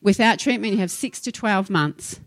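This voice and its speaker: A woman's voice: mid-range voice, lively intonation, normal speed, dry recording. A woman pastor preaching a sermon, emphatic and impassioned, telling stories to her congregation.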